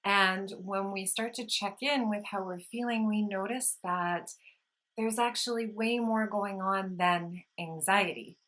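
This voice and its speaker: A woman vlogger gently explaining calming practices in a soothing, unhurried talk, with audible sighs when she demonstrates breathing. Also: medium pitch, low-quality recording. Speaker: wellness vlogger. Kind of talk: casual instructional talk.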